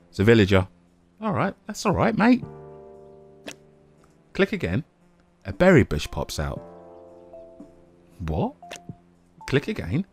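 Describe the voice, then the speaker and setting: Man, low voice, animated swings, self-mocking gaming commentary, faint music. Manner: playful, self-mocking, bursts of shouting. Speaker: gaming YouTuber. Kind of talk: casual game commentary.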